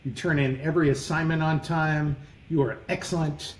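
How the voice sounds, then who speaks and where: A man putting on a New York accent to voice a gruff, restless male drawing professor who barks demanding rules. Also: on the high side, steady tone, normal speed, roomy sound, a little hiss or hum, close to an everyday voice. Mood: blunt. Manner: blunt, barking, demanding.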